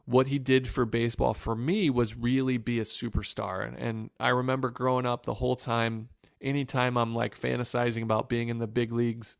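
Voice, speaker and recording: A man, a former pro pitcher from Northwest Ohio, telling emotional stories in a podcast interview, with fillers and restarts. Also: little pitch movement, a little fast, creaky, hardly any pauses, smooth, no room sound, studio quality. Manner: emotional, reflective storytelling with many fillers and restarts.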